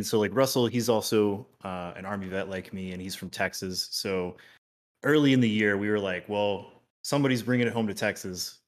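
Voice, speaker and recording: A man speaks as a guest on a casual gaming podcast. He talks in a slightly low voice, easygoing and rambling, with many "uh"s and "like"s as he tells his story. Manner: relaxed and rambling, many "uh" and "like" fillers. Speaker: podcast guest and competitive tabletop player.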